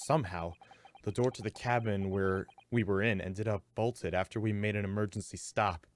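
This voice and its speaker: A man's voice: on the low side, fairly even intonation, moderate pace, a little hiss or hum. A man hosting a let's-play, giving rambling, self-deprecating commentary. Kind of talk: casual gameplay commentary.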